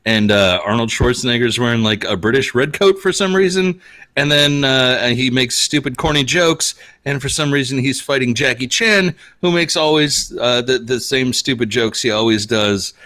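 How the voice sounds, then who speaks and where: A man in his thirties from Minnesota chatting on a live podcast, his voice bright and forward. He tells stories and rants with animated energy, laughing along the way. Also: medium pitch, normal speed. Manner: animated, ranting storyteller who laughs often. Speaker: podcast host. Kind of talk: casual chat.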